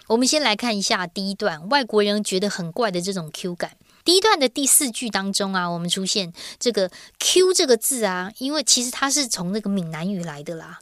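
Lively Taiwanese Mandarin teacher, woman. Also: medium pitch, dry recording, clean studio sound. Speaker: Chinese teacher. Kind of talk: explaining grammar in Mandarin.

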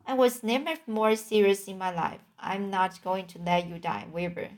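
A woman voicing a calm, wise female spider in a storybook, cool and reassuring. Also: medium pitch, moderate pace, close to an everyday voice.

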